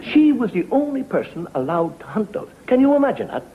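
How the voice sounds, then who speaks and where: A man doing a stand-up monologue with wry, deadpan storytelling in a TV studio. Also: high voice, brisk. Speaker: comedian. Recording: dull lo-fi TV recording with faint hiss.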